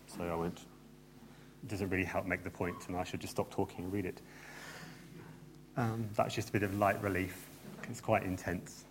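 A man's voice: deep voice, a little hiss or hum. A man preaching a sermon in a church, earnest and emphatic, with light asides to the congregation.

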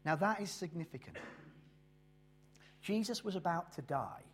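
A man preaching a sermon, slowing down and swelling in loudness on key phrases before dropping low again. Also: animated, breathy edge. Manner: emphatic, rises and drops in loudness and slows on key phrases.

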